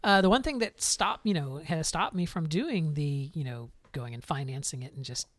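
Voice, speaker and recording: A podcast co-host talking casually, explaining things at length with frequent restarts and an animated delivery. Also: medium pitch, moderate pace, dry recording. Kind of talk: casual chat.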